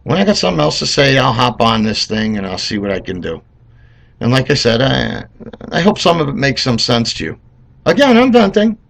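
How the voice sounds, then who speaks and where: A man's voice: mid-range voice, very animated, a little fast, vocal fry, fairly bright tone. A middle-aged man from the United States delivering a heated, rambling and sarcastic vlog rant. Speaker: political vlogger. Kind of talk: ranting vlog monologue.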